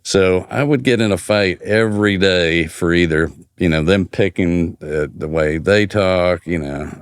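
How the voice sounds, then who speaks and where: An older man from New York, a podcast guest, telling stories from his life in a relaxed, unhurried way. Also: low voice, clean tone, dry recording, studio quality. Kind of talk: casual podcast chat.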